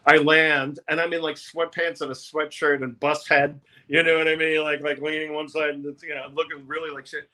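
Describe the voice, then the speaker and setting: Male interview guest, storyteller, profane and animated; high, bright voice. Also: normal speed, hardly any pauses. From New York. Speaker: interview guest, music producer.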